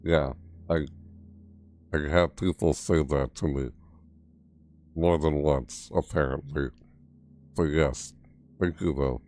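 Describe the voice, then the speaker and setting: Very deep-voiced rambling male streamer. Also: fairly even intonation, slow, pauses often, a little mellow. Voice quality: deep voice from low in the throat. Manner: rambling, self-interrupting, musing aloud. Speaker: streamer reacting to game news. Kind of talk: casual live-stream chat.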